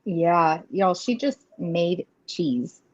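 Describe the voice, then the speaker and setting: Woman in her thirties, easygoing giggly live-stream host, lively pitch, muffled lo-fi audio. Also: drawn-out words. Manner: laughs often, chatty and rambling. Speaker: host of live tarot readings. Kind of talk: casual live-stream chat.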